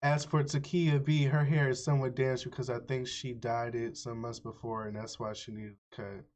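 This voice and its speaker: A man streaming live, chatting casually with his viewers, animated and swearing freely as he reacts to a video. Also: mid-range voice, normal speed. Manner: animated, swearing, talks to chat. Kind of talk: casual chat. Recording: dull lo-fi stream audio.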